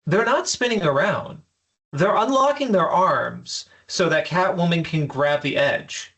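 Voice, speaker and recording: A man's voice: a little high, animated, unhurried, fairly bright tone. A man co-hosting a comic book review podcast, questioning the logic of the plot. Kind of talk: casual review chat.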